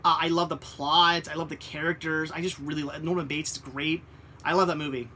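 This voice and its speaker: Man, high voice, enthusiastic, casual live stream chat. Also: little pitch movement, fairly quick, sharp tone. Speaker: co-host of a movie live stream.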